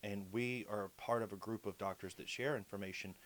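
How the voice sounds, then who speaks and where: A man's voice: on the low side, steady tone, fairly quick, a bit bright. A man from the clinic joining the interview, explaining things with many restarts. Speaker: clinic representative. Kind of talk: casual interview.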